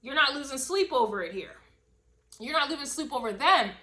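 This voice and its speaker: Bright, emphatic woman reading tarot. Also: high-pitched, animated, a little fast. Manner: emphatic and slangy, repeating a refrain. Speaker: tarot reader. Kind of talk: casual spoken tarot reading.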